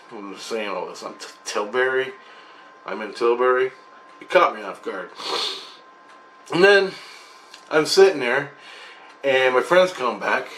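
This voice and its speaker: A man who hosts his own channel, casually retelling a dream in a rambling, halting way full of restarts. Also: mid-range voice, fairly bright tone. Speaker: channel host sharing spiritual experiences. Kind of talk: casual spoken recounting of a dream.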